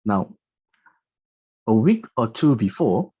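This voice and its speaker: A man with a husky, slightly breathy voice tells a story in a chatty, informal way, tripping over and repeating his words as he goes. The recording is dull and dry, with no room sound. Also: mid-range voice, sing-song, slow, dry recording. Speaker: business presenter. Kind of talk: storytelling talk.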